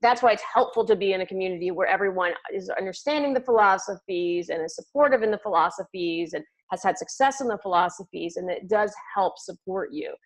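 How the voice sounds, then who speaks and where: A woman guest talks quickly and earnestly, encouraging the listener with frequent "you know"s. Her voice sits at a middling pitch. She sounds supportive and conversational. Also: poor audio. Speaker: guest coach. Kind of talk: casual conversation.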